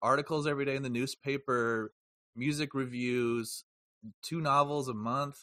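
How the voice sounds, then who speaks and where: A man's voice: mid-range voice, steady tone, normal speed, fairly bright tone, no echo, clean studio sound. Man rambling through a casual film chat. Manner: rambling, self-correcting, jokey. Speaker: podcast co-host.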